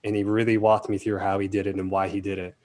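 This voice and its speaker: A man in a casual interview, recalling his career in a relaxed, talkative way. He slips into quoted voices as he tells stories, and his voice sits on the low side. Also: fast. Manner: animated storyteller, acts out quotes. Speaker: film director, interview guest.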